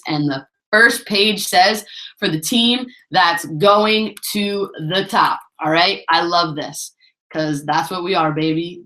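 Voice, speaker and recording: A woman's voice: low-pitched, reverberant, poor audio. A woman giving a motivational sales training talk, urging her team on and repeating herself for emphasis. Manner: pep-talk, repeats herself, keeps saying "guys". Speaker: network marketing trainer.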